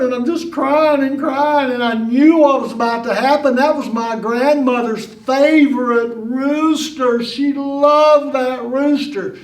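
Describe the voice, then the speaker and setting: A male storyteller with an unusually high voice tells a tale live. He speaks slowly and folksily. The sound is roomy and picked up from across the room. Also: fairly even intonation, far from the mic. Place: museum venue.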